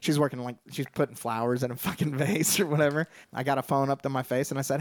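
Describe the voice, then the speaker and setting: A man's voice: mid-range voice, fast talker, no room sound. A man, a podcast co-host from Texas, telling a story in casual chat among friends and acting out a phone call with lots of swearing. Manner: animated retelling, acting out both sides of a phone call, swearing freely.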